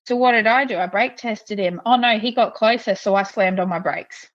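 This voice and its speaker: An Australian woman co-hosting a podcast, telling stories in a blunt, animated way with heavy swearing. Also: medium pitch, normal speed, no room sound. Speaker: podcast co-host. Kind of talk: casual chat. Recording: slightly dull lo-fi audio.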